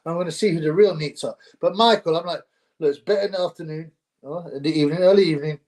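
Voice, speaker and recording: A young man chats loosely on his own livestream, rambling from topic to topic. His voice sits a little high for a man, and his talk is full of street slang and laughter. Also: quick pace, a little mellow. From United Kingdom. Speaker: livestream host. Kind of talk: casual solo livestream chat.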